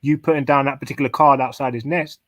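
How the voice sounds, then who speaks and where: A man's voice: medium pitch, fairly even intonation, quick pace, slight background noise. A man chatting casually on a podcast, rambling and slangy, laughing often. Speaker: podcast co-host. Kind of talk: casual chat.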